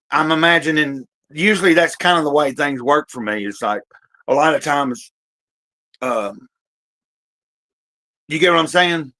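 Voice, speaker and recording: A man with a slightly high voice hosts a laid-back livestream from home. He rambles, restarts his thoughts and fills pauses with "uh" and "like", talking into a computer mic. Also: bright, forceful tone, rough recording. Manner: rambling, halting, many fillers and restarts; talks while eating, occasional coughs. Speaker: livestream host. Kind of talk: casual livestream chat.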